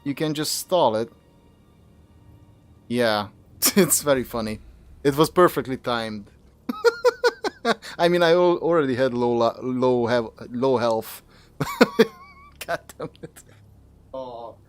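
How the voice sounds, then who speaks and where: A man's voice: medium pitch, unhurried, pauses often, clean tone, soft background music. A young man streaming a video game, talking through his play, swearing and grumbling at the enemy and his computer. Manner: cursing, exasperated at the game. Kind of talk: live gameplay commentary.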